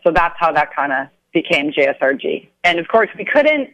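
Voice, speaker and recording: A woman, a guest musician calling in to a radio interview, chatty and quick to laugh. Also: low voice, big pitch swings, a bit bright, no echo. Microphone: phone. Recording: dull, dry phone line.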